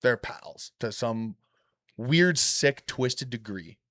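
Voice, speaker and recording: A man's voice: medium pitch, animated, slow pace, fairly bright tone, no echo, studio quality. A man co-hosting a casual podcast chat, swearing freely and animatedly retelling scenes. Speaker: podcast co-host.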